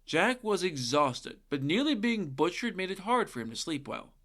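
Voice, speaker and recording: Lively, irreverent male storyteller. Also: high voice, normal speed. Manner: irreverent, swears, sarcastic asides. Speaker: podcast host and storyteller. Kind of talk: comedic narration of folktales.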